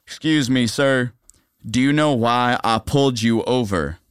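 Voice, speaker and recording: A man's voice: mid-range voice, a little slow, clear, resonant tone, no echo, clean studio sound, lightly acted. A man doing a folksy small-town cop. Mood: stern. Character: small-town male police officer, folksy.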